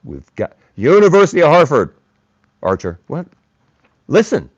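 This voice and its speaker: Male livestream host, mocking and blunt, very animated delivery, dull dry sound. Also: fairly high pitch, normal speed, pauses often, husky, dry recording. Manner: blunt, combative, mocks chatters by name. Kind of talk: live-stream rant reading chat.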